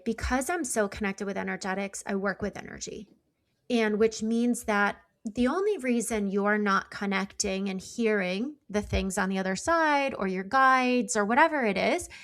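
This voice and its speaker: A woman's voice: medium pitch, normal speed, a bit bright. A middle-aged woman, a psychic guest on an interview show, explaining in an earnest, conversational way with frequent fillers. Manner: explanatory, earnest, uses many likes.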